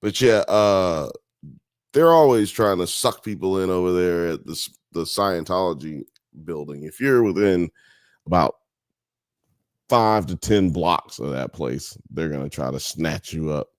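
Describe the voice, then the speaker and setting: Low, slow-talking, profane male stream host. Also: expressive, no echo, studio quality. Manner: profane, loose and joking, reading chat comments aloud. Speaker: host of a live-streamed talk show. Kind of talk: casual live-stream chat.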